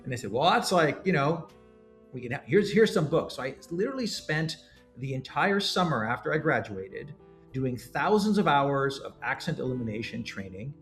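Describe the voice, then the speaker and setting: A middle-aged man from Canada telling his story as a startup founder in an interview, animated and often restarting his words. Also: mid-range voice, moderate pace, soft background music.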